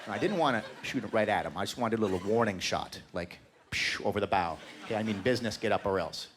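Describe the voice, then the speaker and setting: A Canadian man does a stand-up set on a comedy club stage before a live audience, telling crude, rambling stories and talking to the crowd. His voice is fairly low in pitch with a fairly bright tone, and he talks fast.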